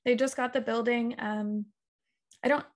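A young woman in a relaxed interview, speaking in a fairly high voice. She tells her story with lively back-and-forth, putting on the voices of the people she quotes. Her talk is loose and bubbly, full of fillers and laughter. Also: measured pace. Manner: animated storyteller, acts out quoted dialogue, laughs often. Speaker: guest, talk show creator. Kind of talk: casual interview chat.

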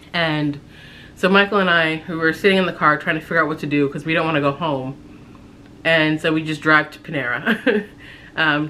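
A young woman with a bright, forceful voice tells a personal story in a casual vlog chat. She speaks in a halting, thoughtful way, pausing on fillers and restarting her sentences. A faint hum sits under her voice. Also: low-pitched. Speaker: vlogger telling her pregnancy story.

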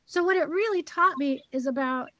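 Higher-pitched woman telling stories emphatically. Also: moderate pace, a bit bright, no room sound, low-quality recording. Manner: storytelling, emphatic, repeats key words. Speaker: co-host. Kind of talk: casual heart-to-heart chat.

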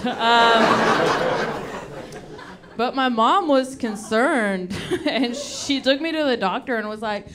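A stand-up comedian from Texas, delivering a live set in a drawling, unhurried way and laughing between lines. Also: female voice, fairly high pitch. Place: live comedy show venue. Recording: loud live audience laughter and noise.

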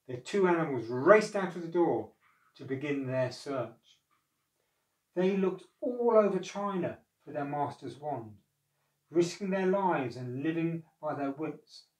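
A man narrating a storybook, measured and expressive. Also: a little high. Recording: echoey room, far from mic.

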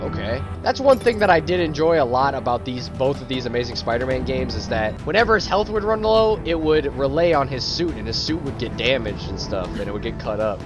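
A young man giving comedic gameplay commentary, with loud excitable reactions, jokes and mumbled asides. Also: mid-range voice. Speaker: gaming YouTuber. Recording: game music underneath.

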